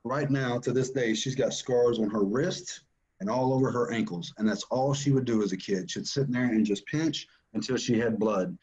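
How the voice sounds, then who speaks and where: A father tells his family story as personal testimony, speaking earnestly and emphatically and repeating points for stress. His voice is medium-pitched and darkish, at a moderate pace, on a rough recording.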